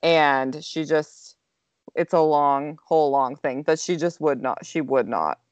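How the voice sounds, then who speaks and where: A young mother chats casually, her voice a touch low and her story full of "like" fillers. She sounds close and dry on a slightly dull recording. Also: measured pace, no echo. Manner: chatty storytelling, many "like" fillers. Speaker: co-host, mother. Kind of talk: casual podcast chat.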